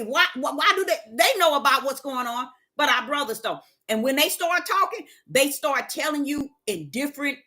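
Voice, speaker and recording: A woman, talking in a casual spiritual monologue, preachy, with sudden high exclaims and low quoted voices. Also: bright, forceful tone. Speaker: host.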